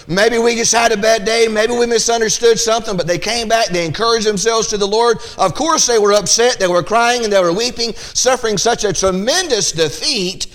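A male pastor delivering a midweek sermon in a fairly high voice. He reads scripture aloud and slips into the voices of the Israelites. His talk is folksy and animated. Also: fairly quick, hardly any pauses.

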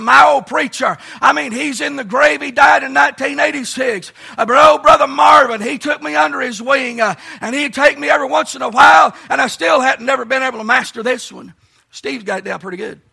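A man preaching a shouted camp-meeting sermon in a folksy, strained voice. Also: very high-pitched, a little fast, vocal fry, breathy edge. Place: large church or camp meeting, live congregation.

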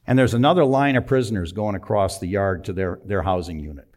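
A man in his sixties telling a personal story in a sermon, conversational and emphatic, with sudden drops to a low, quiet voice. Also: brisk. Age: 60s. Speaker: preacher.

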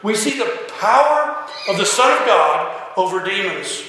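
A man delivers a sermon in a high, bright voice. He speaks earnestly, often restarting phrases and voicing quoted lines with emphasis. A long, echoing reverb from a large hall trails every word. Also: sing-song, unhurried, slight background noise. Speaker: pastor.

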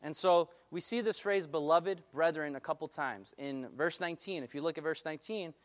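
A male pastor preaching a sermon, animated and putting questions to his congregation. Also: on the high side, normal speed.

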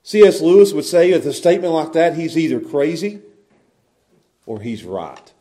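A man with a high voice preaches with lively energy. He swings from hushed, low passages to loud, ringing lines and chuckles often between his points, as a pastor in the middle of a sermon. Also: normal speed.

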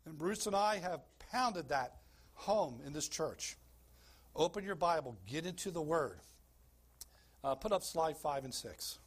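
A man's voice: on the high side, lively intonation, unhurried, slightly rough. A man preaching a sermon as pastor of a church, emphatic, asking the congregation questions and calling for slides.

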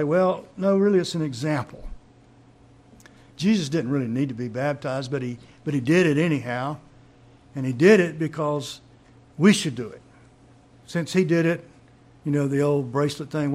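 A man's voice: on the high side, normal speed, darkish tone. A man preaching a sermon, teaching in an emphatic way and asking rhetorical questions.

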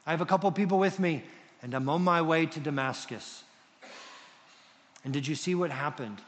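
A male pastor preaches a sermon, voice set a little high and swinging between loud emphasis and quiet, hushed moments. His words ring out across a church hall with long reverb. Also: normal speed.

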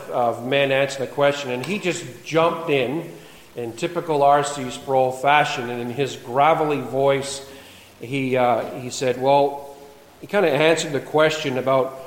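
Pastor preaching in an echoey hall. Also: male voice, medium pitch. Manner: conversational storytelling, then reading scripture aloud. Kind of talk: sermon. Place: church sanctuary.

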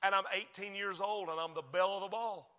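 A man's voice: sits high, steady tone, fairly quick, pushed and bright, in a large hall. A preacher playing an eighteen-year-old girl who hesitantly puts off a decision. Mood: pleading.

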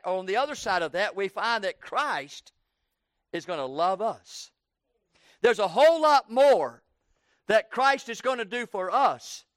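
With a slightly bright voice, a man preaches an evening sermon, trading call-and-response with the congregation by asking "Amen?" and repeating lines in rhythm as he climbs to a fervent pitch. The sound is clean studio audio with no room noise.

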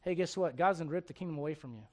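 A preacher voicing a blunt stern prophet. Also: male voice, a little high, racing, a little mellow, natural voice. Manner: blunt, casual modern slang. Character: stern blunt male prophet, older man.

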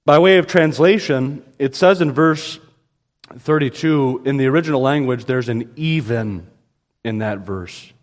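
A man preaching a sermon as pastor, emphatic, with sudden rises in pitch and slow, stressed quotations. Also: in a large hall.

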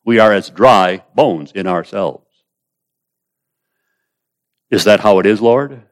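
A man with a fairly low voice delivers an expository sermon. He swings from loud, pleading cries when voicing the prayers down to low, quiet asides, and calls his listeners beloved. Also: takes it slowly. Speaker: preacher.

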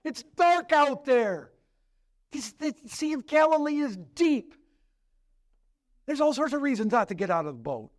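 A male pastor with a high voice preaches with strong emphasis, firing off urgent questions and then dropping to a hushed tone. The recording is dry and close. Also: sing-song, a little slow, pauses often, dry recording. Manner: emphatic, swings from loud to hushed. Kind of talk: sermon.

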